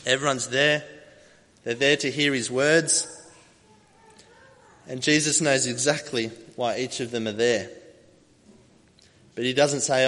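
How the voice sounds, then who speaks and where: A man's voice: medium pitch, slow pace, long pauses, a bit bright. A man preaching a sermon, telling a story with animation and acting out voices as he goes. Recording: long hall reverb.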